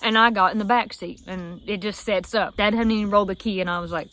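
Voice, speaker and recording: Young woman, Southern US accent, casual storytelling, animated delivery. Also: medium pitch, quick pace. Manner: animated, acts out quoted voices. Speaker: vlogger.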